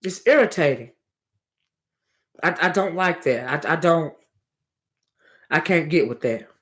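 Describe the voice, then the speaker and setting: A woman giving impassioned opinion commentary, preachy and hollering at times, stumbling over her words and repeating phrases for emphasis, close on a loud microphone. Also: sits low, expressive, unhurried. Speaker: commentary channel host. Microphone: loud close desktop microphone.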